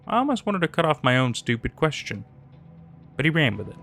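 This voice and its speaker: Guy narrating a creepy story, gravelly voice, soft music behind. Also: fairly high pitch, sing-song. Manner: measured, first-person storytelling. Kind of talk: scripted horror story narration. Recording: narration over faint music.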